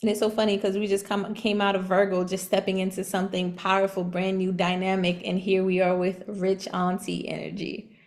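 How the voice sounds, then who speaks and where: A woman giving a casual tarot reading, chatty and animated, laughing often and using relaxed slang. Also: medium pitch, brisk. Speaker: tarot reader.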